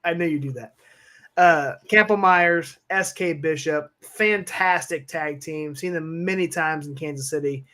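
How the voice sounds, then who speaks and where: Easygoing man, a bit high, chatting. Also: unhurried, bright, forceful tone, a little hiss or hum. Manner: easygoing, hesitant with fillers. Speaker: podcast co-host. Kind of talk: casual live-stream chat.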